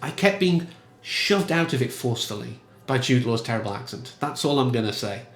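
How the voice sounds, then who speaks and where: A man's voice: medium pitch, fairly quick, reverberant. Chatty man reviewing films. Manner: animated, emphatic, chatty. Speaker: film reviewer. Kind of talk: casual film commentary.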